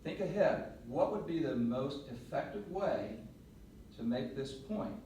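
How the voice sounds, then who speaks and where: A middle-aged man coaching on presentation skills, telling a lively story to a class and acting out the voices. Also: fairly high pitch, a little slow. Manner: animated storyteller, laughs and acts out voices. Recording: roomy echo, mic at a distance, faint noise.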